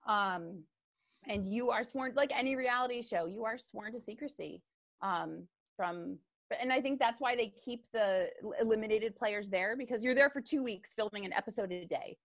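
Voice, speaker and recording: A woman's voice: a little high, moderate pace, no echo. A woman golfer being interviewed on a podcast, talking in a chatty way with lots of fillers. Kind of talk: casual interview talk.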